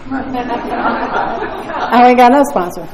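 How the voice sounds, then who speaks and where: A woman shares her personal story with a meeting in a blunt, conversational way, often turning to the room with a "right?". Her voice sits a little high, and the recording carries the echo of a large meeting room. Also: lively intonation, drawn-out words, a crowd in the background. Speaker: speaker at a recovery meeting. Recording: echoey room.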